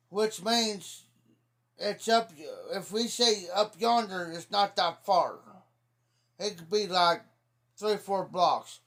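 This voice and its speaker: A livestreamer from Ohio tells rambling, folksy stories about local sayings in a casual, teasing way. His voice is high, slow and a bit bright.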